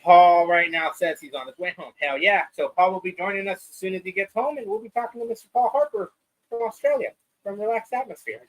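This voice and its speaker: A man's voice: high voice, brisk, low-quality recording. A man hosting a live podcast, talking in a loose, rambling, profane way. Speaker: podcast host. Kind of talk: casual live-stream chat.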